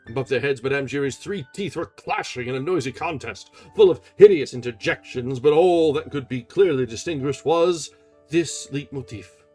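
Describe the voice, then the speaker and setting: A man's voice: mid-range voice, moderate pace, warm tone, husky, soft background music. A man streaming a live reading of a classic novel, narrating expressively with small restarts. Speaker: reader and streamer.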